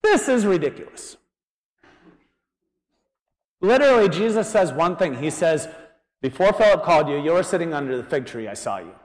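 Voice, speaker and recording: A man preaching a conversational sermon as pastor, animated and joking as he thinks aloud. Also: on the high side, moderate pace, long pauses. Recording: long reverb of a large hall.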